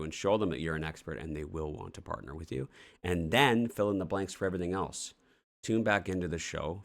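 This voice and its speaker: Man, from Canada, very low voice, show host, casual rambling, blunt, swearing. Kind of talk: casual morning show chat.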